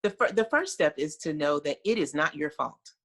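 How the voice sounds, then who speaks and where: Earnest woman guest with a gravelly voice. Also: sits low, animated, normal speed, fairly bright tone. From United States. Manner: earnest, reflective storytelling with many fillers. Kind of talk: video call interview. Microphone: video call.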